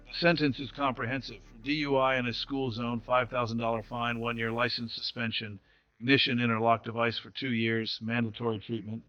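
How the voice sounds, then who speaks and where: Man, scripted dramatic narration, even delivery, muffled sound, faint background music. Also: mid-range voice, brisk. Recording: slightly dull audio with faint music.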